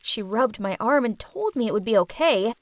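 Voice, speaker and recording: A woman narrates a first-person storytime in a chatty, dramatic teen voice. Her pitch sits high and swings widely, and the recording is close and completely dry. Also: expressive, normal speed, dry recording.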